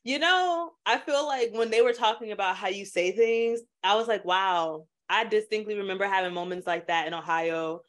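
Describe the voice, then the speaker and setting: A woman's voice: medium pitch, a little fast, hardly any pauses. Chatty Chicago woman co-hosting a podcast. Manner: animated storytelling, slangy. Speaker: podcast co-host. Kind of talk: casual chat.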